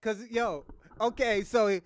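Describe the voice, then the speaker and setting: A man's voice: sits high, steady tone, slow pace, dry recording. A man hosting a casual livestream rant, mocking someone, laughing often and repeating himself. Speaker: livestream host.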